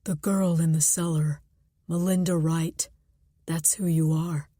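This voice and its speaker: A woman voicing a deep, muffled male caller who threatens. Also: little pitch movement, measured pace, warm tone, no room sound, studio quality. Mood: menacing. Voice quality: deep, muffled, as if through a device. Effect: voice through a disguising device.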